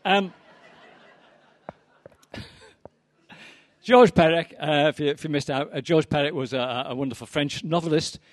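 A man in a fairly high voice gives a chatty poetry reading, hopping between anecdotes with plenty of ums and uhs. His tone is wry, and the sound is dry and close. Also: a little slow, long pauses, no room sound. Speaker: poet.

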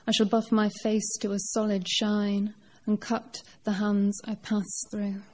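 Measured woman poet, flat delivery. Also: mid-range voice, background noise. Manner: measured, deliberate recitation. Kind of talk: live poetry reading.

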